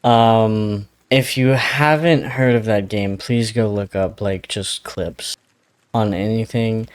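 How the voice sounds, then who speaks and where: A man's voice: fairly low pitch, fairly even intonation, slow, clear, resonant tone. A man co-hosting a podcast in casual chat, rambling with frequent laughs and casual swearing. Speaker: podcast co-host.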